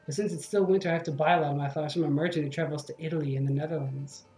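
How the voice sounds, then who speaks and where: A man voicing a polite, evasive female swan who sells flowers, in a soft put-on girl voice. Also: fairly high pitch, steady tone, rapid-fire, reverberant, faint music behind, natural voice.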